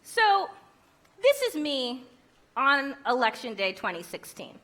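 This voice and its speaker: A woman's voice: sits high, very animated, slow pace, pushed and bright. A woman giving a conference keynote speech, emphatic and rhetorical, with wry humor. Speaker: keynote speaker.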